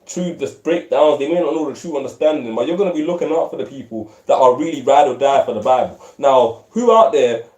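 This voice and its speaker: A man talks fast and keeps the tone dark. He leads a relaxed scripture discussion with emphatic, profane phrasing and often repeats words. The room gives the voice a clear echo. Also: medium pitch. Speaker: bible study teacher. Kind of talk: casual religious group discussion. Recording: roomy echo.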